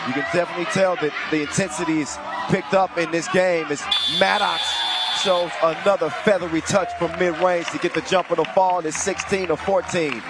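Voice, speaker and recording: A man calling a basketball game live, shouting with excitement and playful wordplay. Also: high-pitched, a little fast, very noisy. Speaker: play-by-play commentator. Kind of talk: excitable sports commentary. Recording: loud arena crowd and music behind. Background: crowd and music.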